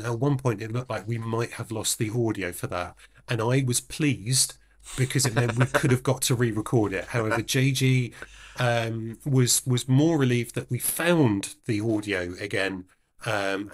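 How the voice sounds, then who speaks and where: Male podcast co-host, low pitch, hesitant rambling delivery. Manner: rambling, hesitant, full of restarts. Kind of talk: casual podcast chat.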